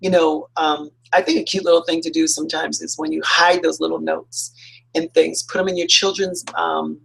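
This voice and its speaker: A man's voice: a little high, little pitch movement, moderate pace, gravelly, a bit bright, husky, poor audio. A man who is a licensed counselor, giving earnest, upbeat advice in an informal motivational talk that rambles with fillers and restarts.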